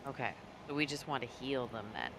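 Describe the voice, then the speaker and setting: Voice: medium pitch, lively intonation, a little fast, noisy background. A player at a tabletop game who asks questions and reads the rules aloud.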